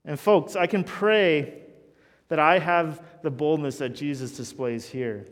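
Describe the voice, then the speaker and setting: A man's voice: a little high, a little slow. Earnest preacher man in a reverberant hall. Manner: earnest, swings between loud emphasis and hushed intensity. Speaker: pastor. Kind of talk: sermon.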